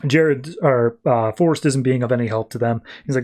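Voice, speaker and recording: A man's voice: medium pitch, moderate pace. Chatty man recapping comics. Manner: chatty, animated storyteller. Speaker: podcast host. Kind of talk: casual comic book review.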